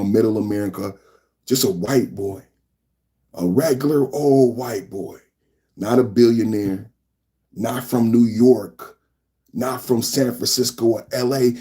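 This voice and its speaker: A man's voice: mid-range voice, warm tone. A man in his fifties hosting a live podcast, talking casually and emphatically to his chat and calling them brother. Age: 50s. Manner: emphatic, calls listeners brother and bro. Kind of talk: casual live-stream talk.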